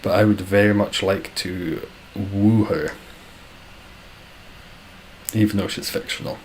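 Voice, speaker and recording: On a live stream, a Scottish man chats casually and reads viewer comments aloud with dry, self-deprecating humour. His voice is fairly low and steady, he speaks slowly, and the rough recording carries a slight hiss or hum.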